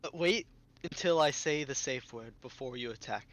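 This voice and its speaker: A woman playing a tabletop game, casually chatting and bursting into loud laughing shouts. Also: very deep voice, normal speed.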